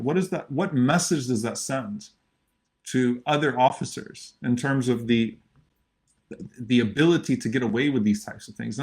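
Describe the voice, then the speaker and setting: A man delivering a sermon for an online audience. He speaks earnestly, repeating key phrases for emphasis, and recites Arabic verses before translating them. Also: medium pitch. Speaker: imam giving a khutbah. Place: virtual khutbah recording.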